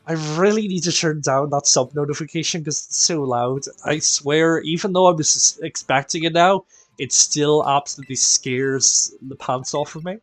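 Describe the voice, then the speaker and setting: A man from Northern Ireland with a mixed Northern Irish accent, hosting a game live stream in casual chat, greeting viewers by name, tired and quieter than usual. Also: on the high side, normal speed, faint music behind. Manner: chatty, greets viewers by name, self-deprecating. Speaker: live-stream raid host.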